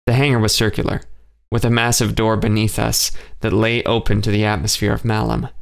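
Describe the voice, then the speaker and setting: A man giving steady, measured first-person audiobook narration. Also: on the low side, vocal fry, smooth.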